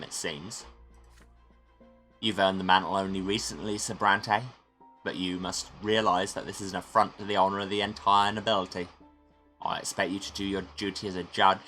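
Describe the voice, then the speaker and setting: A man's voice: low voice, pushed and bright, voice pushed down. A man voicing a pompous, haughty elderly aristocrat magistrate in a game. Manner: pompous, disdainful.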